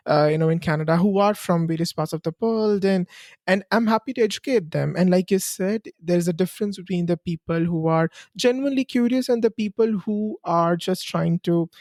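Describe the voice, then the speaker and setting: A male podcast host talking in an earnest, encouraging, measured way in a casual interview. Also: high voice, a little mellow, no echo, clean studio sound. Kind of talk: casual interview chat and read podcast promo.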